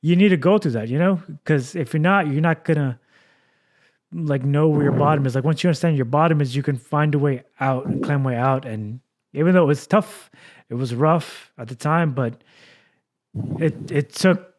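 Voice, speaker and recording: A man's voice: fairly high pitch, normal speed, a little mellow. A man from Texas hosting a casual podcast chat, talking in an earnest, rambling way full of fillers. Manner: rambling, earnest, heavy with fillers like "like" and "you know". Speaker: podcast host.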